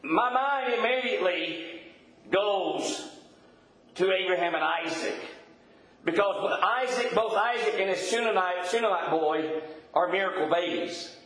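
A man's voice: high voice, a little slow, fairly bright tone. An older man preaching a sermon in a folksy way, with stammered restarts and chuckling asides. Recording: echoey room.

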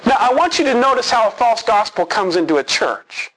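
A male preacher with a high voice works through scripture in an earnest sermon. He leans hard on key words and repeats them for emphasis. The sound has the quality of a radio broadcast. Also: very animated, brisk, fairly bright tone, poor audio. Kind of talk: expository sermon.

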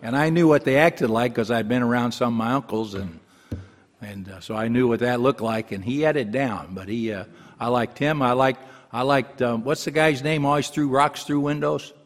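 A man's voice: medium pitch, moderate pace. A man in his seventies, a pastor giving a folksy, rambling sermon with humor and frequent restarts. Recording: long hall reverb.

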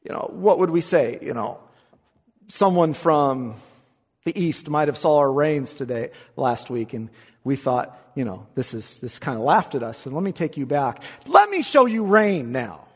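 A man preaches in a church sanctuary, his high voice leaping and dropping between emphatic declarations and quiet asides. He keeps asking his listeners rhetorical questions as he works through a passage. A long hall reverb trails behind every phrase. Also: very animated, measured pace, slightly rough. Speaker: pastor. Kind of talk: expository sermon.

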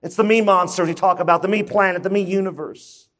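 Man, pastor, high-pitched voice, emphatic sermon, repeats points, questions to the congregation. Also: steady tone, fast talker, a bit bright. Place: church sanctuary with a congregation.

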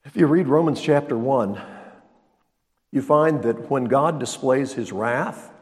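Older male pastor, emphatic sermon delivery with loud-to-quiet swings; long church reverb. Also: mid-range voice, measured pace. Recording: long reverb of a large hall.

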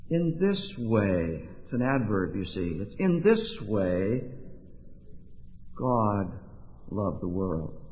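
A man preaches a sermon, unhurried and emphatic, leaning into pauses. His voice has a thin, narrow-band tone, as if heard over a phone line. It rings with a long reverb, like a big church hall. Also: lowish voice, very animated. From Oregon, USA.

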